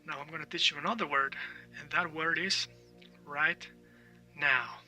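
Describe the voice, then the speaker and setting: A man's voice: a little high, fast, sharp tone, recorded from a distance, faint music behind. A man teaching a language lesson, explaining patiently, repeating words for drills and often checking in with "all right?".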